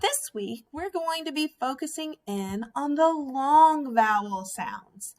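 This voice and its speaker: A woman teaching a phonics lesson to young children, sounding out each vowel slowly and clearly. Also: high voice, lively intonation. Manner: slow, drawn-out sounding out of vowels. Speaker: first grade teacher.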